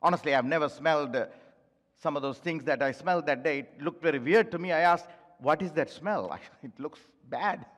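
Preaching to his congregation, this pastor pleads with them and drives points home by repeating phrases. He has a slightly high, somewhat bright voice at a moderate pace, and the sound carries the long reverb of a big hall.

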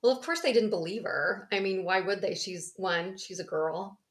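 A woman casually retelling a story in a rambling, animated way, laughing often and acting out the voices. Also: medium pitch, normal speed. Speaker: podcast co-host.

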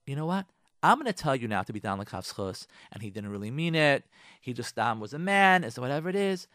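A man's voice: medium pitch, fairly bright tone, no echo, studio quality. A man hosting a radio show, giving marriage advice in an emphatic monologue that repeats lines and fires rhetorical questions at listeners. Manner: addresses listeners directly, coaxing.

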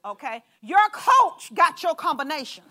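A woman preaching to her congregation, talking in a loose, animated way with asides and stories. Her voice sits high and has a bright ring to it. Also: unhurried. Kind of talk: sermon.

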